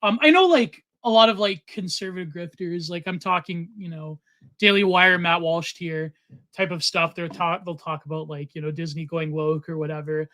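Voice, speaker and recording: A man's voice: a little high, normal speed, pushed and bright, no echo. A man hosting a casual conversation, hedging his points with lots of fillers. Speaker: podcast host.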